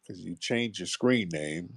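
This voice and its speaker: A man's voice: low voice, animated, measured pace, vocal fry, breathy edge, no echo, clean studio sound. Blunt, slangy male call-in host. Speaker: host of a call-in audio show. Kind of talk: live call-in talk.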